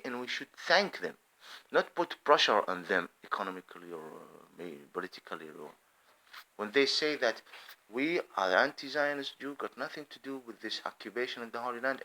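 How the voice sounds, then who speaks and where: A man giving an earnest monologue, speaking emphatically and pausing to restart his sentences. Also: mid-range voice, pushed and bright, poor audio. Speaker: speaker giving a personal view.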